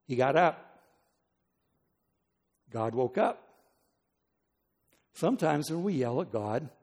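Male pastor, fairly high voice, dramatic sermon delivery, echoing church hall. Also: dark tone. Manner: dramatic preaching, acting out pleas to God with rising voice.

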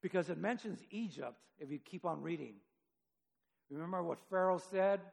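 Guy preaching a sermon, kinda high voice with gravelly fry, long echo like a big church hall. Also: normal speed, darkish tone. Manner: conversational, reads scripture aloud, rises for emphasis.

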